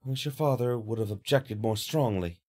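A man's voice: mid-range voice, normal speed, dark tone, voice pushed down, lightly acted. Man doing a fretful, grumbling mother. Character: worried, complaining middle-aged mother.

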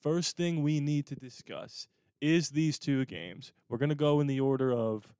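A man's voice: on the high side, measured pace, a little mellow, clean tone, dry recording, clean studio sound. A young man hosting a casual sports podcast with a joking, easygoing delivery. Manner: jokey, breaks into a mock radio voice. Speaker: podcast host.

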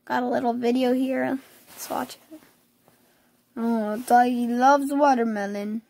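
Young female vlogger, hoarse and gravelly, slow-talking, chatty and cooing. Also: fairly high pitch, fairly even intonation, mellow, no echo. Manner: chatty, cooing over cute pictures. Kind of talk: casual screen tour.

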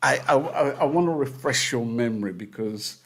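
A man hosting a casual radio-style podcast interview. He talks in an effusive, loose way and circles back over his own words. His voice sits at a middling pitch. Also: animated, moderate pace, breathy edge. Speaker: podcast host.

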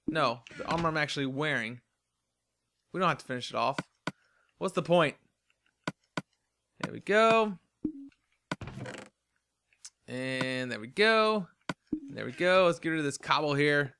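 Tired, chatty man with a bright voice. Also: on the high side, expressive, moderate pace, long pauses, a little hiss or hum. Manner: rambling, chatty, talks to himself while playing. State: tired and yawning. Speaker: let's play host. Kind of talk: casual gameplay commentary.

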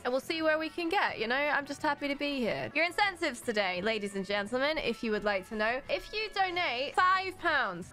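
A woman's voice: a little high, sharp tone. A young woman in her twenties chatting casually on a charity livestream, bubbly and self-mocking, laughing often. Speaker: streamer hosting a charity stream.

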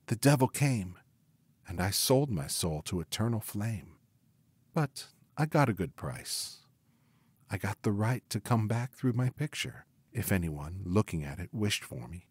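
A man's voice: lowish voice, slightly rough, no echo. A man reading aloud, voicing the tender, mournful ghost of a young woman burned as a witch. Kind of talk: audiobook reading.

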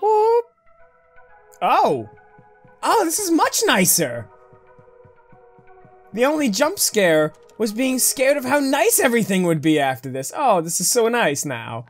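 Excitable woman commenting on a game. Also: a little high, measured pace, soft background music. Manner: playful, excitable, joking. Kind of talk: let's play commentary.

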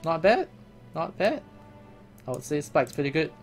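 A man's voice: on the high side, very animated, moderate pace, faint music behind. A man giving casual, chatty commentary as a gaming vlogger, laughing often.

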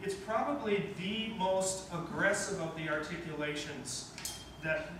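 Man with a high, echoey far-off voice. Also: a little slow, noisy background. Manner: questioning, encouraging. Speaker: band clinician. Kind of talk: rehearsal teaching. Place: rehearsal room with a wind band. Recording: echoey rehearsal room from far off.

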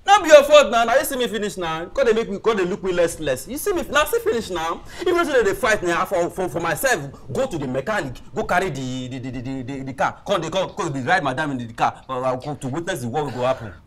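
A man's voice: on the high side, lively intonation, fast, few pauses, a bit bright. An actor with a Nigerian Pidgin accent playing a gossiping male driver who predicts trouble, in a film scene. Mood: gossipy.

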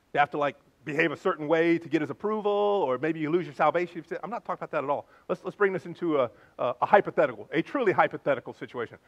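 A male pastor preaching a sermon in an animated, conversational way with playful asides. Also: sits high, dull audio.

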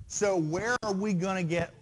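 Male university lecturer with a somewhat high voice, relaxed and chatty, keeps checking the class follows along. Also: normal speed. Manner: conversational, quizzes students with frequent "right?" and "okay?". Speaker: engineering lecturer. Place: lecture hall.

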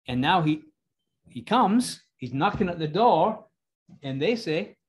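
Conversational male preacher, fairly high voice. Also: animated, a little slow. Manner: conversational, asks the congregation questions. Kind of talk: expository sermon.

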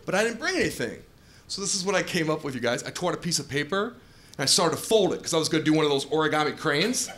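A man's voice: a little high, animated, fast, fairly bright tone. A man performing a stand-up comedy set on a club stage, telling stories with playful asides to the crowd. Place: comedy club stage before a live audience. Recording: echoey club with clear audience noise.

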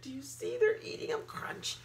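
A woman reading a picture book aloud to a child, playful, with gasps and excited outbursts. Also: fairly high pitch, slow, background noise. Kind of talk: animated read-aloud storytelling.

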